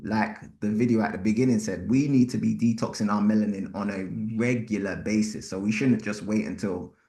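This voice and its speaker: A man hosting a live podcast, talking bluntly and with animated slang. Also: fairly low pitch, fairly quick. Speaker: podcast host. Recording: roomy echo.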